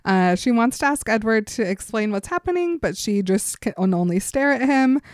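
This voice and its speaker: A woman's voice: on the high side, expressive, moderate pace, few pauses, no echo, clean studio sound. Giggly woman retelling a story. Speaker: podcast co-host. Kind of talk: casual chat, retelling a book chapter.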